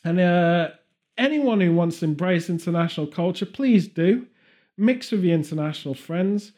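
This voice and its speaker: A man's voice: sits high, lively intonation, normal speed, dark tone. A man hosting a podcast in a casual, jokey way with playful earnestness. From Britain. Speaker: podcast host. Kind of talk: casual comedic chat.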